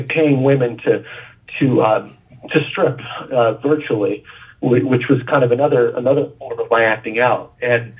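A man with a husky, slightly worn voice, calling in to a radio show. He comes through a thin, phone-like line. He recounts a confession haltingly and often repeats words as he goes. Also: mid-range voice. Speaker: guest on a call-in radio show. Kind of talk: confessional personal story.

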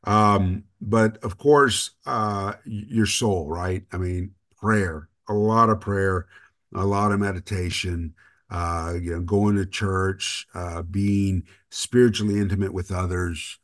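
Man, very low voice, casual podcast co-host, earnest and rambling. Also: fairly even intonation, slow pace, a bit bright. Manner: earnest, rambling with restarts and self-deprecating jokes. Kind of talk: casual recovery talk.

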